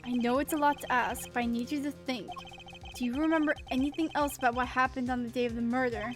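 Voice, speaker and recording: A woman doing a calm determined male prosecutor, measured, earnest, slightly lowered. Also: faint music behind, lightly acted. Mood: urgent. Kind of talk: reading game dialogue aloud.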